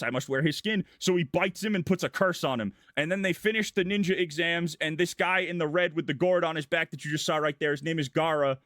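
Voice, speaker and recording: Casting note: male vtuber, slightly higher voice, irreverent rambling recap, dry close mic. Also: a bit bright, no room sound. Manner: goofy, irreverent, breathless run-on storytelling. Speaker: vtuber streamer. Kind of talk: casual rambling plot recap.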